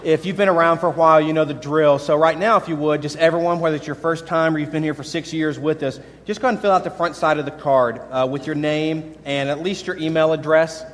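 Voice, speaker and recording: A man's voice: fairly high pitch, fairly even intonation, fast, hardly any pauses. A man speaking as pastor in a church service, giving friendly, instructional announcements to the congregation. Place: church sanctuary. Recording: reverberant church hall, faint music.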